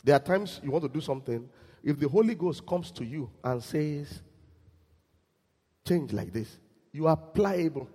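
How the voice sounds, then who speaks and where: A man preaching a sermon in church, animated and quizzing his congregation. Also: on the high side, breathy edge, in a large hall. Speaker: pastor.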